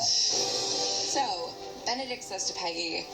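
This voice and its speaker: A woman's voice: on the low side, a little slow, gravelly, loud music behind the voice, poor audio. Drunk woman rambling through a history story. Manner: rambling, self-correcting, jumps into voices.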